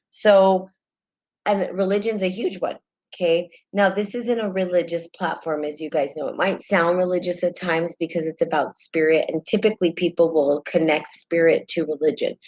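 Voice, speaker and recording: A woman's voice: low-pitched, a little mellow, low-quality recording. A woman from New Mexico with a New Mexican accent, hosting a casual spiritual live stream, reading from a book and greeting viewers mid-sentence with lots of ums.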